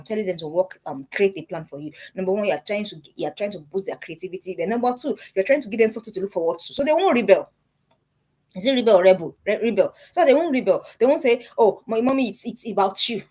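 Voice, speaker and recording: A middle-aged woman giving parenting advice to parents, animated and repeating herself for emphasis. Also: medium pitch, husky. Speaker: parenting speaker.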